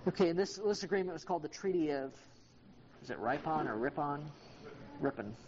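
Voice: medium pitch, quick pace, darkish tone, muffled recording, a little hiss or hum. A history teacher giving an informal classroom lecture, with frequent ums and uhs and asides to students by name.

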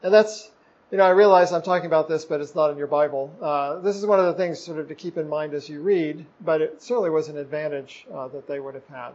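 A man with a somewhat high voice teaches a Bible class, loose and conversational, full of pauses and restarts. The recording is a little muffled and lo-fi. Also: a little mellow. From United States. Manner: conversational, many fillers and self-corrections. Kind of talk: informal Bible lesson.

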